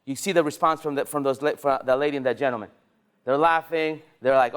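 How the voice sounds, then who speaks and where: High-voiced energetic sales trainer man. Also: fairly quick, smooth. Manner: energetic, rallying, asks the room questions.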